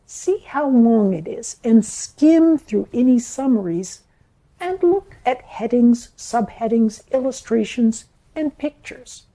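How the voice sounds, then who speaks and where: Slow, very mellow woman narrator. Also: fairly high pitch, lively intonation. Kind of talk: scripted educational narration.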